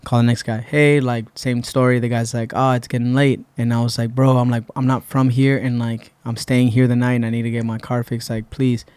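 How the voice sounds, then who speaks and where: A man's voice: medium pitch, fairly quick, hardly any pauses, clean tone, no room sound. A man from Puerto Rico, a guest on a podcast, telling a long story in a casual way and acting out what people said. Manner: relaxed, retells events with quoted dialogue. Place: podcast studio.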